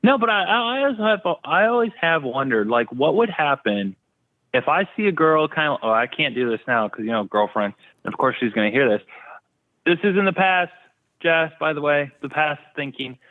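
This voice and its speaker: A man's voice: a little high, lively intonation, normal speed. A man telling stories as an interview guest in a casual, blunt way, with crude humor. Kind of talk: casual storytelling. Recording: thin phone-like line.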